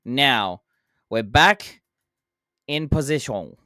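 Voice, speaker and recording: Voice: medium pitch, expressive, drawn-out words, bright, forceful tone, no echo, studio quality. A game streamer chatting casually while playing, answering chat, counting down jumps and making playful sound effects.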